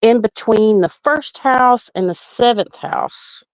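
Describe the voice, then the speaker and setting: A woman's voice: on the high side, takes it slowly, dry recording, lo-fi sound. A woman hosting a live astrology chart reading, talking in a loose, chatty way and laughing often.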